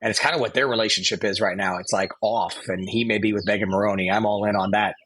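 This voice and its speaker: A man's voice: on the low side, steady tone, fast talker, fairly bright tone, husky, no room sound. A man co-hosting a casual podcast chat, playful and chatty, who bursts into song now and then. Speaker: podcast co-host.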